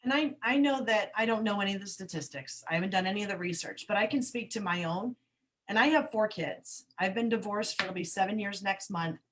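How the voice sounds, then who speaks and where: A woman's voice: mid-range voice, a little fast, fairly bright tone, slight background noise. A woman hosting an interview and telling a candid, emotional story from her own life as a single mother. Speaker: host. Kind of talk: casual interview conversation.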